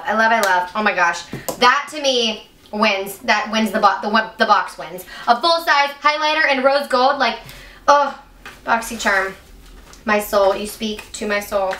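A young woman vlogger gushes through an unboxing, gasping with breathless delight. Her voice is bright and fairly high. She sits a little back from the mic in an echoey room with a faint hiss underneath. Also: recorded from a distance. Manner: gushing, gasping, breathless enthusiasm. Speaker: beauty vlogger. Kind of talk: excited unboxing chat.

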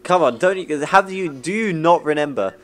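A man's voice: fairly high pitch, normal speed. A young man from New Zealand, hosting a casual group chat and rambling jokily through ideas. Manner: rambling, jokey, animated when acting out ads. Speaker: vlog host.

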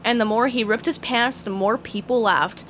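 A woman reading a children's picture book aloud, expressive and clear. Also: a little high, normal speed, slight background noise. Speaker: storybook reader.

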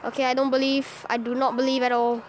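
A woman giving excitable live commentary over her own card-battle game, cheering and groaning at every play. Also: high-pitched, quick pace. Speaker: gaming channel host.

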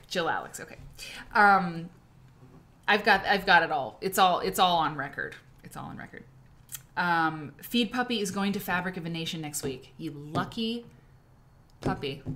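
A woman's voice: lowish voice, bright, forceful tone. Woman host, middle-aged, Iowa-raised, effusive live-stream chatter, gushing. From Iowa, USA. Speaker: podcast host. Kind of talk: casual live-stream chat.

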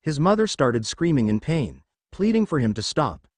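A man reading fan fiction aloud as narrator, in a steady storytelling manner. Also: a little high, moderate pace, no room sound.

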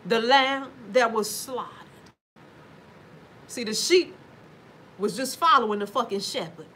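A woman's voice: fairly high pitch, a little slow, sharp tone, a little hiss or hum. Emphatic woman, swearing freely. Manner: emphatic, swears freely, addresses viewers directly. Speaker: livestream talker reading viewer comments. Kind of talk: casual profane livestream monologue. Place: at home.

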